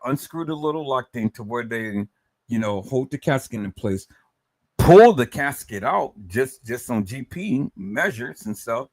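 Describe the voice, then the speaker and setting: A man hosting a livestream, talking emotionally and stammering, with words repeated, agitated outbursts and soft trailing off. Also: mid-range voice, no room sound. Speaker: livestream host.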